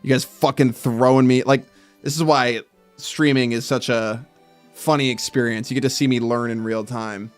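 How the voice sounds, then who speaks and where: A man streaming while he draws, reading viewer comments aloud and breaking into loud mock outrage with swearing. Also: medium pitch, steady tone, moderate pace, soft background music. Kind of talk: casual live-stream chat while drawing.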